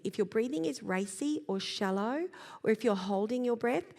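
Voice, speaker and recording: A middle-aged woman giving a calm, gentle talk on parenting to a live audience, pausing to demonstrate slow breaths and sighs. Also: a little high, creaky. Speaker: parenting speaker. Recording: long reverb of a large hall.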